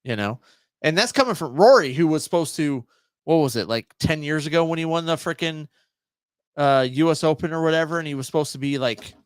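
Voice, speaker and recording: Deadpan male podcast co-host. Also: fairly high pitch, fairly quick, clean tone, no echo. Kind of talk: casual chat.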